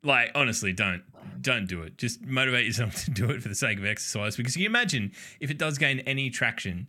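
Aussie guy on a podcast, bright punchy voice, swears a lot and laughs all the time. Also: medium pitch, expressive, fast talker. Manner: laughs often, swears freely. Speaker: podcast co-host. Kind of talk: casual chat.

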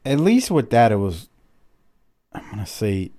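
Laid-back podcast host, low voice. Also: male voice, a little slow, no echo, clean studio sound. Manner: relaxed, laughing banter. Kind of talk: casual chat.

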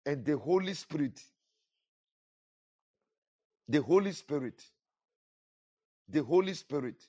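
A man's voice: on the high side, lively intonation, takes it slowly, a little mellow. A man preaching a sermon with emphatic, repetitive delivery, rising and falling for effect. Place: church.

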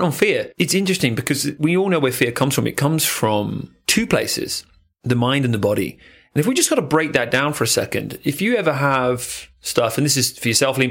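Animated English man telling stories. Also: mid-range voice, vocal fry. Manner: animated storyteller, swears freely, jokey. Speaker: podcast co-host. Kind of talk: casual chat.

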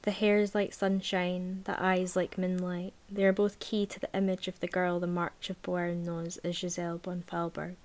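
Woman, book reviewer, measured reading voice, low pitch, little variation. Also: completely flat delivery, darkish tone. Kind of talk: reading a novel aloud, then casual book chat.

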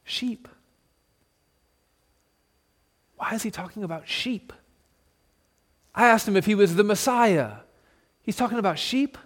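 A man voicing a suspicious member of an ancient crowd, hissing his words in a hushed whisper. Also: high voice, normal speed.

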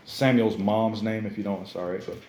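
A man's voice: on the low side, moderate pace, a little hiss or hum. Man preaching in an echoey church. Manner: conversational, animated, keeps addressing the listeners as "guys". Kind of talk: sermon. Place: church service.

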